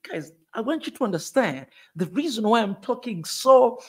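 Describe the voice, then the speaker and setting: A man's voice: very high-pitched, animated, moderate pace, breathy edge. A man with a Tanzanian accent vlogging from a car on a bumpy road, talking emphatically and repeating himself, sweating as he rises to anger. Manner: emphatic, repetitive, rising to anger. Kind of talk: passionate commentary vlog.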